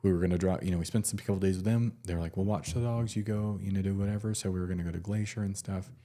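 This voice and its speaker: A man, a nurse, telling a personal story in a casual, halting way with many fillers and restarts. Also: low-pitched, steady tone, dark tone.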